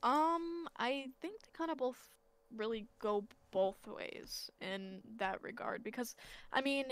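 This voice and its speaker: A woman's voice: on the high side, slow pace, fairly bright tone, clean tone. A tired woman casting an esports match live, chatty and breaking into small laughs as she talks through the picks. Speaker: esports caster.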